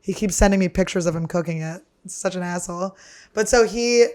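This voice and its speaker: Her fairly low voice moves a little fast as she hosts a podcast and tells stories in a loose, chatty style. The comedian is lively, swears freely, and keeps laughing through her tales.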